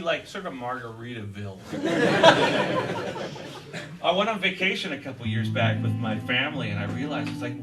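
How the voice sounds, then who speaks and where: A man giving a guitar clinic in a music store, talking casually to a live audience in a rambling, animated way with lots of fillers. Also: mid-range voice, normal speed, far from the mic, rough recording.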